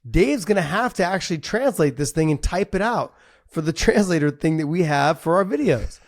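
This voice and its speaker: A man co-hosts a fight podcast in loose, casual chat. He tells stories with lots of energy and swears freely. His voice sits a little high. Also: a little fast. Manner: animated storyteller, swears freely. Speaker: podcast co-host, former fighter.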